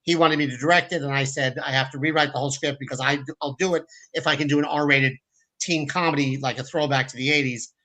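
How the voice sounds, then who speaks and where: A man's voice: fairly high pitch, fast talker, rough recording. A man, a film director as a guest, telling stories in a casual interview, acting out quotes and often restarting his sentences. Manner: animated, acts out quotes in put-on voices, many restarts.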